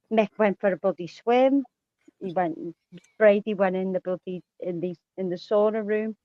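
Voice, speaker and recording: A woman's voice: medium pitch, unhurried, no room sound. A woman in casual chat, giggly and blunt, often chiming in. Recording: dry, muffled sound.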